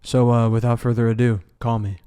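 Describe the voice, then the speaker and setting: A man's voice: mid-range voice, flat delivery, brisk, very noisy. A man hosting a casual music reaction, chatting with enthusiasm and musing aloud between songs. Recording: music playing behind.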